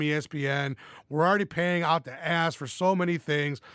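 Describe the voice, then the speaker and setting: Casual male podcast host, slightly high voice, cursing freely, dry close sound. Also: steady tone, normal speed, fairly bright tone, smooth, no echo. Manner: profane, blunt, enthusiastic.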